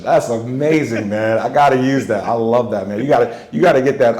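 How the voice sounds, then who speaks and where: Excitable male host, cheers the guest on, echoey room sound. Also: medium pitch, a little fast, few pauses, background noise. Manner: enthusiastic, hyping, laughs often. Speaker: interview host. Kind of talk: interview conversation.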